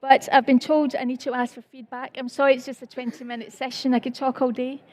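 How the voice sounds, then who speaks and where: Scottish woman, high register, conference speaker; earnest, self-deprecating, apologizes often. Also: level tone, fast talker, darkish tone. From Scotland. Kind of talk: conference presentation.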